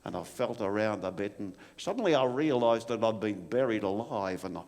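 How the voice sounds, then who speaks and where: A man's voice: fairly low pitch, lively intonation, brisk, a little mellow. A man playing an old Australian bushman spinning a war yarn. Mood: reminiscing. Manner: rambling, stammering yarn with repeated "and, and". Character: old Australian bushman recalling his soldiering days. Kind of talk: storytelling monologue in character. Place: live performance venue. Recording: long reverb in a venue hall.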